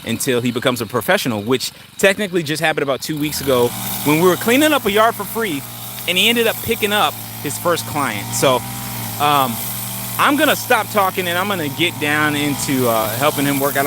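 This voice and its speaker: A man's voice: a little high, lively intonation, fairly quick. A middle-aged man hosting a casual live stream outdoors in a yard on a handheld phone, talking in an easygoing, rambling way with many fillers and greeting viewers. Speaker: channel host. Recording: outdoor traffic and engine noise.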